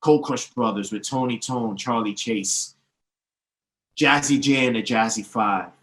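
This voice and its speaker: A man's voice: medium pitch, measured pace, a bit bright. A man speaking as a guest in a podcast interview, confident and emphatic as he explains things at length. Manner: confident, emphatic, lists names and history. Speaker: guest, DJ teacher. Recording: roomy echoey sound.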